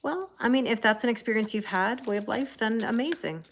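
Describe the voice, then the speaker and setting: A woman's voice: a little high, brisk, a little hiss or hum. A Canadian woman with a Canadian accent, giving a casual live-stream tarot reading and answering viewer comments. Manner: chatty, laughs often, answers viewer comments. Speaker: tarot reader.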